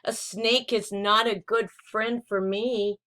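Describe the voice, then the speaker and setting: A woman voicing a lonely little female puppy looking for a friend in a children's picture-book read-aloud, slow and hopeful. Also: mid-range voice, steady tone, a bit bright, voice pushed up. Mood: eager.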